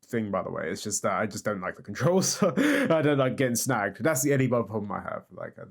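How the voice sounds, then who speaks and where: A man's voice: lowish voice, very animated, fairly quick, vocal fry, breathy edge. A man, co-hosting a podcast in casual chat, who laughs often and swears now and then. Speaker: podcast co-host.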